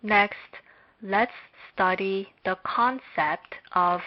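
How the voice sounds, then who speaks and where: Female lecturer, extremely slow and measured, dull lo-fi sound, mid-pitched voice. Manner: measured, deliberate delivery with long pauses. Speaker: Hebrew lecturer. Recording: dull lo-fi recording.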